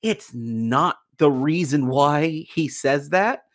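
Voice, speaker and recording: A man's voice: on the high side, animated, takes it slowly. A man in a casual movie discussion, talking animatedly and acting out lines in quoted voices.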